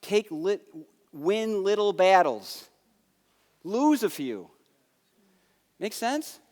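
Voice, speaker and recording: Animated American man in a reverberant hall. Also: sits high, drawn-out words. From United States. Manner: animated storyteller acting out dialogue, swinging loud and soft. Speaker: keynote speaker. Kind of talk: conference keynote storytelling. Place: large conference hall.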